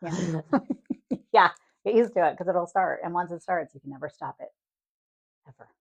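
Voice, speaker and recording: A middle-aged woman co-hosts a casual podcast. Her voice sits low, with a gravelly fry. She tells stories at length, swears freely and acts out what people said. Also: normal speed. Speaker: podcast co-host. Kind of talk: casual chat.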